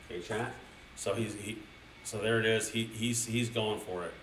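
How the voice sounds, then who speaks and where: A man's voice: mid-range voice, steady tone, normal speed, a bit bright, distant mic, slight background noise. A man reading a children's picture book aloud to his stream chat, swearing often and riffing on the story with gamer slang. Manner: crude, rambling, swears a lot, mixes gamer slang into the story. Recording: roomy echo, speaker drifting from mic.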